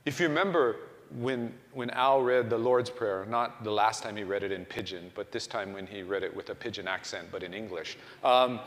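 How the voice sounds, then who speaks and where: A man's voice: medium pitch, a bit bright. Man, pastor, casual sermon, rhetorical questions, long hall reverb. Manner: conversational preaching, many restarts and rhetorical questions.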